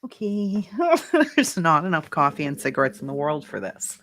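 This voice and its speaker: A woman's voice: deep voice, sing-song, normal speed, a bit bright, a little hiss or hum. A woman reading court testimony aloud and reacting with incredulous, profane commentary, laughing between lines. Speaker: commentary host.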